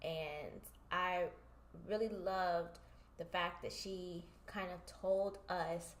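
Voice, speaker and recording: A woman's voice: fairly low pitch, fairly even intonation, slow. A woman co-hosting a podcast in casual chat, telling personal stories and acting out both sides of the conversations. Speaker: podcast co-host. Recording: echoey room.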